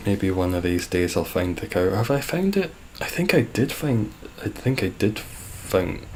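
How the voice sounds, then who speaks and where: A man's voice: lowish voice, a little slow, hardly any pauses, a little mellow, slight background noise. A young Scottish man chatting on a live game stream, reading viewer comments with dry, sarcastic humour. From Scotland.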